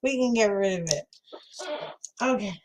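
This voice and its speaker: A woman's voice: mid-range voice, moderate pace, a crowd in the background. Chatty New York woman crafter. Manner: chatty, laughs often, talks to viewers. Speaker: craft livestream host. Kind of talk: casual chat while crafting.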